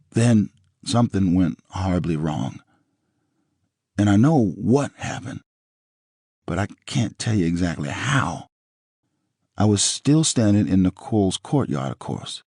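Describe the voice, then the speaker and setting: A man's voice: low-pitched, vocal fry, dark tone, husky, dry recording, clean studio sound. A man narrating a crime story in the first person, blunt and profane. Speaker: audiobook narrator. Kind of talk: first-person book reading.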